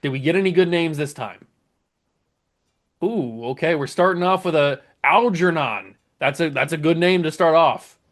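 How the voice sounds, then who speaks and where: A young man who hosts a gaming YouTube channel chats casually and laughs as he reads through some odd player names. His voice sits a little high, and he speaks at a normal speed.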